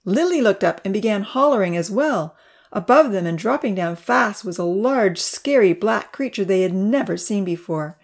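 A woman narrating a children's story aloud with an expressive, dramatic delivery. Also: medium pitch, normal speed.

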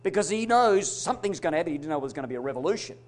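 A man preaching a sermon, emphatic, swinging between loud declarations and hushed asides. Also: a little high, animated, rapid-fire. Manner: addresses congregation as brothers and sisters.

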